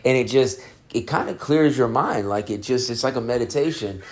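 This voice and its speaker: At a moderate pace and with a mid-range voice, a man hosts a laid-back podcast where he reviews music. He's clearly stoned, drifting through a rambling casual chat full of frequent laughter.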